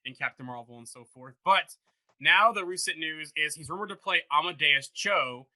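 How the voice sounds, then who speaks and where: A man's voice: on the high side, lively intonation, normal speed, bright, forceful tone. A man hosting a podcast, running through news in casual chat and steering the topics carefully. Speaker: podcast host.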